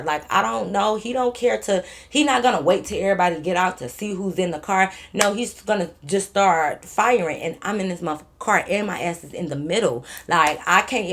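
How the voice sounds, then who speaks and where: A young woman vlogger telling a story in casual, profane chat, acting out the people she quotes. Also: lowish voice.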